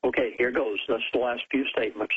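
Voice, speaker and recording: A male radio guest who speaks slowly and deliberately, giving emphatic warnings. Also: medium pitch, steady tone, husky, narrow, tinny audio.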